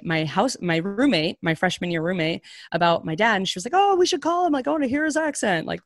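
Young woman with a low voice, storytelling casually. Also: no room sound, clean studio sound. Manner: casual, heavy on "like" fillers, animated quoted voices. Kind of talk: personal storytelling in conversation.

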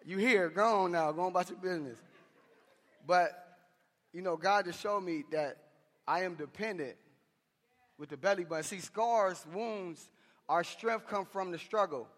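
A man's voice: high-pitched, moderate pace, long pauses, fairly bright tone, big-room sound. A man preaching a sermon to men in a church, impassioned and conversational, with slangy asides. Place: church hall.

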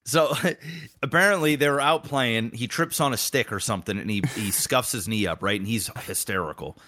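A man in his thirties co-hosting a casual podcast, who tells stories with a lot of energy, swears, and jumps to a high voice when he quotes people. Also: moderate pace. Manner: animated storyteller, acts out quotes in a high voice, swears. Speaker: podcast co-host. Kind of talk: casual chat.

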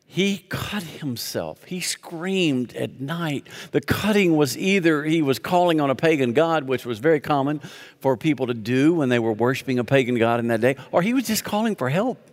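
A man's voice: medium pitch, lively intonation, a little fast. A man preaching a sermon as pastor, reading scripture aloud and leading the congregation in call-and-response with joking asides. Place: church sanctuary. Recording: long reverb of a large hall.

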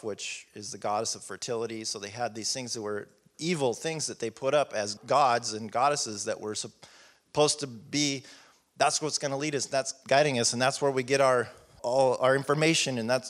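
A man preaching a sermon in a casual, conversational way, reading scripture and acting out prayers. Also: medium pitch.

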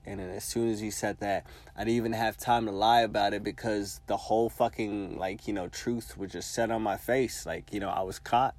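Rambling, low-voiced young man telling a story. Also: fairly even intonation, moderate pace, few pauses, a little mellow, no echo. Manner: rambling, profane, heavy use of filler words. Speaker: vlogger. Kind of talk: casual storytelling.

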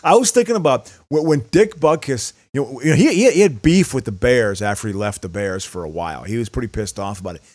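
A man's voice: mid-range voice, expressive, a little fast, few pauses, darkish tone, dry recording, studio quality. A man co-hosting a podcast in casual chat, often stammering and repeating his words. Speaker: podcast co-host.

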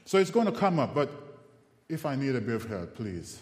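A man preaching a sermon, telling funny personal stories in an animated, self-mocking way before reciting scripture. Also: medium pitch, fairly quick. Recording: echoey hall with long reverb.

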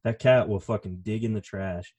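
A man's voice: on the low side, moderate pace, dark tone. A man co-hosting a podcast in casual chat, rambling and swearing with lots of fillers. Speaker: podcast co-host.

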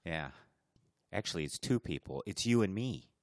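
A man's voice: sits low, expressive, moderate pace, no room sound, clean studio sound. A man co-hosting a podcast in casual chat, chatty and joking. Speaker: podcast co-host.

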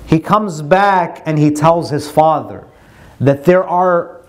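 A man with a notably high voice narrates a religious story as a lecture. He quotes Arabic lines and then explains them in translation, keeping a steady storytelling flow. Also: slow. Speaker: religious speaker.

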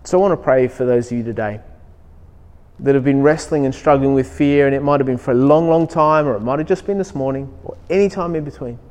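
Here a male pastor with a mid-range, slightly mellow voice speaks fairly quickly as he preaches, storytelling with emphatic rises and playing a child's voice. It was recorded in a church hall with long reverb.

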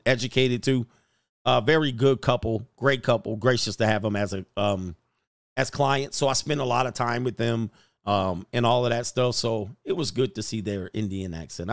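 A man's voice: mid-range voice, no room sound, clean studio sound. A man hosting a casual livestream, joking and rambling and often laughing as he talks. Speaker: host.

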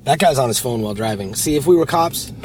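Animated man chatting in a car. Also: medium pitch, quick pace. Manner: animated storyteller, acts out quoted people loudly. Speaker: podcast co-host. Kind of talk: casual chat. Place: inside a car. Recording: car interior with road noise.

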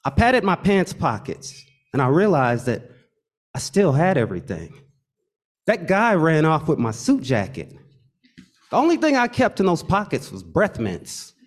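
A man recounts his own true story, his voice sitting a bit high and swinging widely up and down. He builds tension with pauses and drops in wry asides. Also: wildly swooping pitch. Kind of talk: first-person true story narration.

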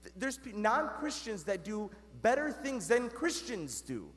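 A man's voice: high-pitched, big pitch swings, unhurried, fairly bright tone. A man preaching a sermon as a priest, earnest and conversational, asking the congregation questions and calling them "guys". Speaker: Catholic priest. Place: church. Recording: long reverb of a church.

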